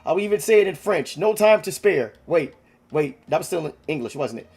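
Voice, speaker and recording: A man reading game dialogue aloud, voicing an excitable older male schemer who keeps shouting in exasperated bursts. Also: a little fast, gravelly, slightly rough, exaggerated voice. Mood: panicked. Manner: shrill, panicked, exasperated outbursts.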